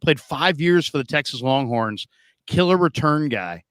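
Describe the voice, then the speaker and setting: A middle-aged man hosting a sports talk show, telling stories in an animated, casual way with frequent stammering restarts. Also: a little high, unhurried, no echo, studio quality.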